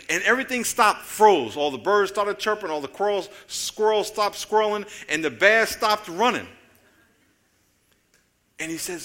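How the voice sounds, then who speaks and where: A man delivers a lively sermon in a bright, slightly raised voice. He tells stories and acts out the characters in them. He swings from loud, excited calls to low, quiet asides. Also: moderate pace. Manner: animated storytelling, acting out voices and jokes. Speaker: pastor.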